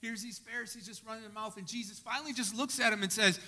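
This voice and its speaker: A male pastor preaching an impassioned sermon, dropping to a hush and rising to shouts. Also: high-pitched, fairly even intonation, quick pace, hardly any pauses. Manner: impassioned, swinging from hushed to shouting.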